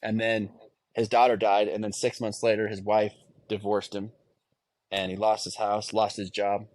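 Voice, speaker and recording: A man's voice: on the low side, level tone, normal speed, a little mellow, dry recording. A man in his thirties, a guest in an interview, talking earnestly and reflectively and often restarting his phrases. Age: 30s. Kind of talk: candid conversational interview.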